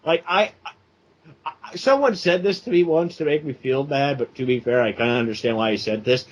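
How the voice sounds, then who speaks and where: A young man co-hosts a casual podcast chat, rambling and interrupting himself to restart sentences. His voice is mid-range and brisk, and the recording has a dull, lo-fi sound.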